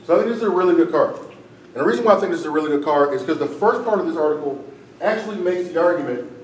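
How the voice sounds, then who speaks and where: A man's voice: fairly high pitch, animated, quick pace. Casual male debate instructor, strained voice. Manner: casual, tags sentences with "right?". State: strained, tiring voice. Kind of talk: classroom lecture. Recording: echoey room, far from the mic, faint noise.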